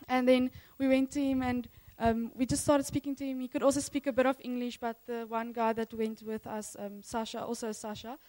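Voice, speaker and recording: A woman's voice: a little high, flat delivery, fairly quick, hardly any pauses, dark tone, poor audio. A woman sharing mission testimonies in church, enthusiastic and rambling, often breaking into laughter.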